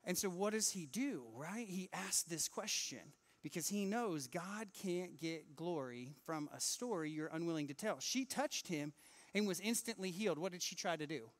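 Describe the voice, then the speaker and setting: A man preaching a sermon in church, lively and acting out the people in his stories. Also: sits high, moderate pace. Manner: animated, acts out quoted voices. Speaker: pastor.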